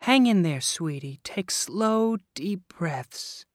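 A man's voice: sits high, very animated, takes it slowly, no room sound, clean studio sound, voice pushed up, full character voice. A man voicing a glamorous woman neighbor who coos and soothes, in a storybook reading. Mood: soothing. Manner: cooing and soothing.

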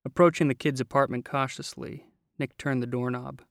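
A man narrating a novel in a measured, wry way, close to the mic. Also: medium pitch, steady tone, vocal fry, dry recording. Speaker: audiobook narrator. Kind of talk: scripted narration.

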